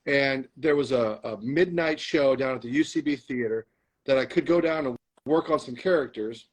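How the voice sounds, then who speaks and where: A middle-aged man telling stories as a podcast guest, animated, acting out arguments with himself. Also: mid-range voice, moderate pace, slightly rough, low-quality recording. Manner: animated storyteller, acts out arguing with himself. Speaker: guest, comedian and actor. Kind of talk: storytelling in a podcast interview.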